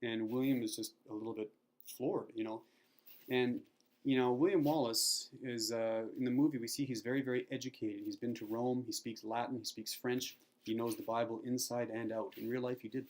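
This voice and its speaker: A middle-aged man gives casual spoken Bible teaching as a Christian video teacher, chatty and rambling, acting out quotes as he retells a scene. His medium-pitched voice is a little mellow, with fairly even intonation at normal speed.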